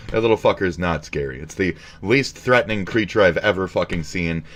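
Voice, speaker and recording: A man's voice: deep voice, a little fast. A man streaming commentary, ranting crudely and mockingly with lots of swearing. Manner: crude, profane, mocking, animated. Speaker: streamer reacting to posts.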